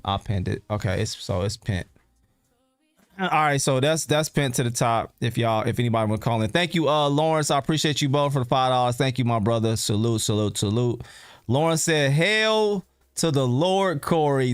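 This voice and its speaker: A man's voice: mid-range voice, clean tone, no room sound, studio quality. A man hosting a casual live stream, laid-back and rambling as he talks to his viewers.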